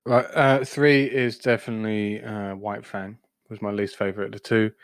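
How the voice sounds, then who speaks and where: A man's voice: lowish voice, flat delivery, normal speed, no echo, studio quality. A man casually recapping a cartoon episode, rambling with frequent fillers. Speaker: podcast co-host.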